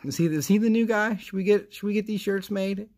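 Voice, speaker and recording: A man's voice: sits high, a little fast, darkish tone. A man hosting a casual card-opening vlog, chatty and rambling, with a sarcastic streak. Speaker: card collecting channel host.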